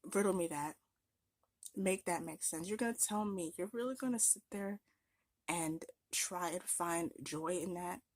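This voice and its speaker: A woman's voice: lowish voice, unhurried, dry recording. A young woman vlogger ranting in an exasperated, sarcastic, emphatic way. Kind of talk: ranting commentary vlog.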